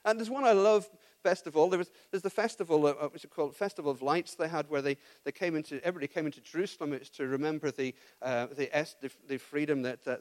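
A man delivers a sermon as if talking with friends. His voice sits high, and he repeats himself, restarts phrases and pokes fun at himself as he goes. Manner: conversational, self-deprecating, many restarts. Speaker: preacher.

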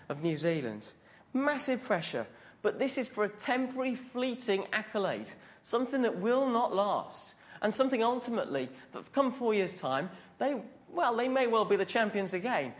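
A man preaching a sermon to a congregation in a questioning, conversational way. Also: sits high.

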